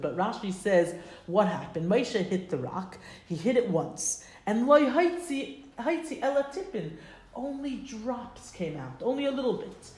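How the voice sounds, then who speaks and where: Animated woman teaching a text class. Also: mid-range voice, reverberant. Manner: animated, acts out voices of the crowd. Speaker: Torah teacher.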